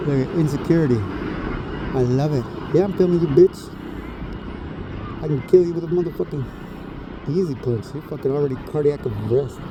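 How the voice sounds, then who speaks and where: A tired man giving profane, confrontational street commentary while filming cars and slowly reading out their plates on a phone camera. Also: on the high side, noisy background.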